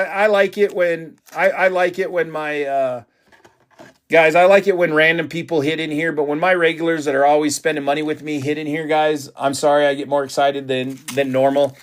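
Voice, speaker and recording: Hyped male stream host running a card break, slightly higher voice, talks straight to viewers. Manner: excitable, hyped, chatty with viewers.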